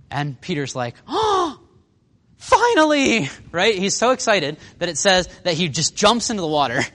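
Lively male Bible teacher, casual and chuckling, bright tone. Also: a little high. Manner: animated, chuckling, conversational.

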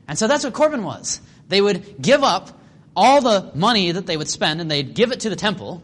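A man teaching a Bible study in a casual, animated way, acting out quotes and asking the class questions. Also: on the high side, fairly quick, breathy edge. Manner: animated, acts out quotes, asks the room questions.

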